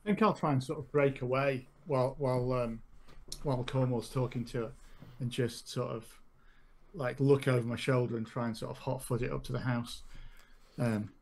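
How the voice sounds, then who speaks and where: Gravelly hesitant player. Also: male voice, medium pitch, steady tone, moderate pace. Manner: hesitant, rambling. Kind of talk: tabletop game play.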